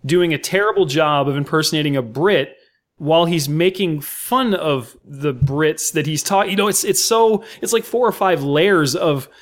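A man's voice: fairly high pitch, moderate pace. An American man, a guest on a podcast, talking about a film with emphatic enthusiasm and many fillers. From United States. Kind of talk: casual film discussion.

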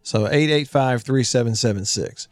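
A man with a Southern accent hosting a casual radio talk show, telling stories in a folksy, animated way. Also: medium pitch, moderate pace, dry recording, studio quality.

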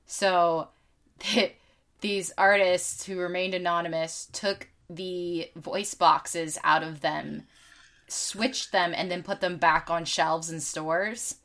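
Animated, profane woman telling stories. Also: on the low side, slow. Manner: animated storyteller, swears freely. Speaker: podcast co-host. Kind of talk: casual chat.

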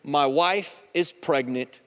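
Pastor in his thirties, high voice, casual storytelling sermon in a big echoing sanctuary. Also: slow pace, a bit bright, smooth. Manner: conversational, joking, storytelling. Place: church sanctuary. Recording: long hall reverb.

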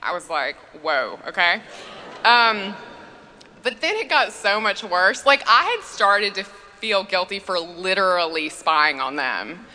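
A woman's voice: medium pitch, lively intonation, unhurried, sharp tone. A woman priest giving a humorous conference talk in a church, telling stories in a chatty way with frequent fillers. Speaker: priest and speaker. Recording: long reverb in a church.

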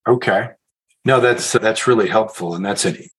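A man hosting a podcast interview, asking questions in a measured, affirming way. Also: on the low side, a bit bright, slightly rough, poor audio. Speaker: podcast host.

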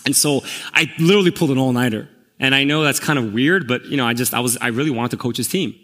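A middle-aged pastor telling a personal story in a sermon, candid and self-deprecating, growing animated. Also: male voice, medium pitch, quick pace. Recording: long reverb of a large hall.

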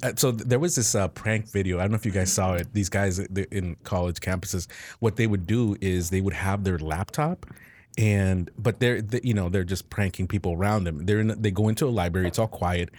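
A man's voice: sits low, brisk, darkish tone. A man co-hosting a casual group chat, telling an anecdote in a rambling way with many fillers. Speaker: co-host.

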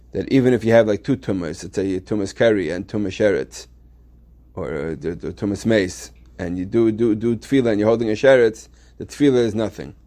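A man's voice: fairly low pitch, mellow. A man teaching a yeshiva Torah class, explaining step by step with many restarts and reading Hebrew texts aloud.

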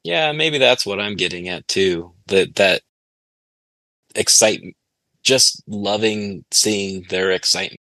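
A man with a fairly low but bright, forceful voice chats as a podcast guest. He is easygoing and halting, often restarting mid-sentence. The sound is dry and close. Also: no echo. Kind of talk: casual podcast chat.

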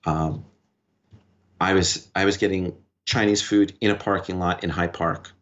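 A man telling a personal story as a podcast guest, in quick short bursts that quote back and forth what was said. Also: low voice, fairly even intonation, fairly bright tone. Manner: recounts events in quick short bursts, quoting dialogue. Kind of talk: conversational storytelling. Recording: dull lo-fi recording.

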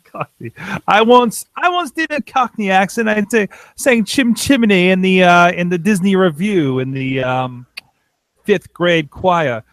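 A man with a higher-than-usual voice chats casually about wrestling as a show co-host, rambling and correcting himself as he goes. He talks into a webcam mic, and the sound is close and dry with no room echo. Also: unhurried, fairly bright tone. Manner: rambling, self-interrupting. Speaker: podcast co-host. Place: home studio.

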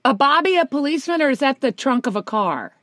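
A woman's voice: high-pitched, expressive, fast talker, fairly bright tone, no room sound. A woman co-hosting a comedy podcast, playful and mock-indignant, laughing a lot. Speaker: podcast co-host. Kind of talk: casual comedic chat.

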